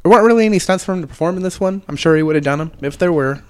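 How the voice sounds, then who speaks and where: A man's voice: high voice, very fast, darkish tone, clean tone, dry recording, studio quality. A man co-hosting a casual movie podcast who leads the talk, laughing often between points. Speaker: podcast co-host. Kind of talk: casual chat about movies.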